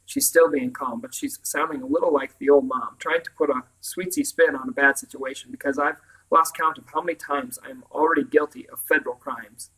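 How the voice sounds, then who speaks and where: A man reading a novel aloud in the first person, telling the story in a calm, even way. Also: a little high, fairly quick, rough recording. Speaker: audiobook reader. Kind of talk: first-person audiobook narration.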